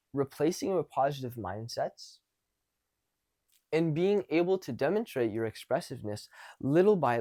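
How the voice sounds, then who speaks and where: A man coaching social confidence, talking casually to camera and acting out example conversations. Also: mid-range voice. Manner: animated, acts out example conversations; loose, conversational with frequent restarts.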